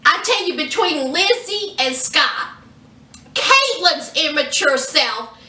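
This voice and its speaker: A woman reviewing a reality show in a casual vlog, telling the story in an animated, sassy way. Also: sits high, takes it slowly, far from the mic. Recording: echoey room, off from the mic.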